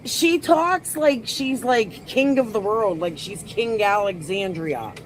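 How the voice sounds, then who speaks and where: A woman in a casual conversation, talking in an animated, indignant way and swearing freely. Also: mid-range voice, slow pace, slight background noise, poor audio. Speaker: guest in conversation.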